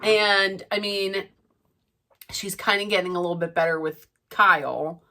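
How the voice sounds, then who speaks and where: Middle-aged woman, unhurried and chatty reality-TV recapper with a bright tone. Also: mid-range voice. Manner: chatty, gossipy, animated retelling with asides. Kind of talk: casual recap chat.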